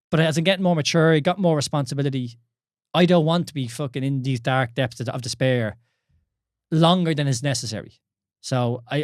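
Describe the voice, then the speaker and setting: A man's voice: medium pitch, no room sound, clean studio sound. A man in his thirties with an Irish accent, co-hosting a casual podcast, candid and swearing often with many restarts. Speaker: podcast co-host.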